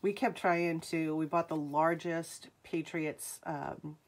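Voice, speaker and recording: Slow-talking New England woman selling jewelry live. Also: deep voice, fairly even intonation. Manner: chatty, calls out item numbers and sales. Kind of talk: live shopping stream, chatting with viewers.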